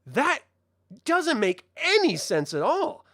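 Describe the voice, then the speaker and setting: A man hosting a casual film review, answering viewer questions in an animated, passionate way with frequent fillers. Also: very high-pitched, slow, no echo, studio quality.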